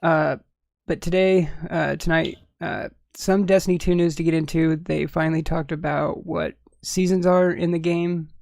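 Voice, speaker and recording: A man's voice: fairly high pitch, steady tone, normal speed, vocal fry, few pauses, a little mellow, no room sound, clean studio sound. A man hosting a casual gaming podcast, easygoing and rambling, with lots of restarts and fillers. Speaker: podcast host. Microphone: headphones and desk mic.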